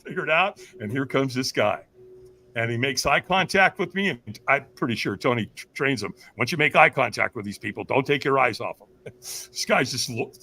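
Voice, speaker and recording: A man telling a personal story as a podcast guest, acting out other people's lines in jumps of voice and asking the listeners rhetorical questions. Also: bright, forceful tone. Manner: acts out voices of others with big pitch jumps, laughs often; addresses listeners as "you guys", asks rhetorical questions. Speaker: podcast guest, firewalk instructor. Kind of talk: animated storytelling.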